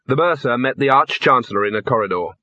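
A man's voice: mid-range voice, fast talker, no echo. A man narrating an audiobook expressively, on a slightly dull recording. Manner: expressive, lively. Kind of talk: audiobook narration with character voices.

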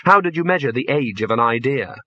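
A man's voice: medium pitch, fairly quick, no echo. A man narrating an audiobook expressively, on a slightly dull recording. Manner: expressive, lively. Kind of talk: audiobook narration with character voices.

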